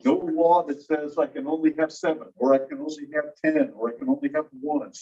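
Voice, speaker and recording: Man, teacher, classroom lecture, quizzes students, slightly high voice, distant, muffled phone recording. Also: moderate pace, hardly any pauses, a little mellow. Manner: explains step by step, quizzes students. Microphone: phone across the room.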